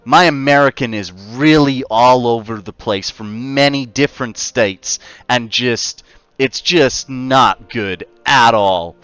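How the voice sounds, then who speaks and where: A man's voice: mid-range voice, slow pace, a bit bright, clean tone, dry recording. Australian man, game streamer, joking chat, dry close sound. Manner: joking, chats with viewers as he plays. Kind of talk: casual livestream chat. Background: faint background music.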